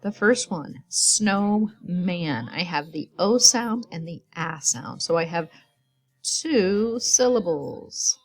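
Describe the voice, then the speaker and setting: Woman teacher, low voice, husky edge; calm, step-by-step instructions for young students. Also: slow pace, few pauses. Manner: patient, step-by-step, counts aloud. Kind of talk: recorded classroom instructions.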